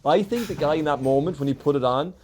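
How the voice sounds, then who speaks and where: A man's voice: fairly high pitch, quick pace, a little mellow, slight background noise. A man on a comedy podcast telling a long story in casual chat, rambling and swearing, with lots of filler words.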